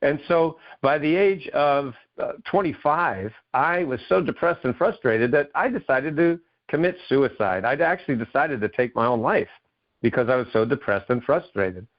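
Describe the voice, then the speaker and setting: A man's voice: medium pitch, expressive, moderate pace. A man from Maine, a guest author and keynote speaker, telling his story with enthusiasm in a radio interview. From Maine, USA. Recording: dull lo-fi radio audio.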